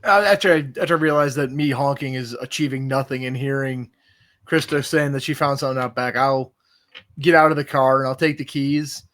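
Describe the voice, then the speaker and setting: A man's voice: medium pitch, fairly even intonation, a little fast, fairly bright tone. A man playing a tabletop game, describing his character's actions in the first person. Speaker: player.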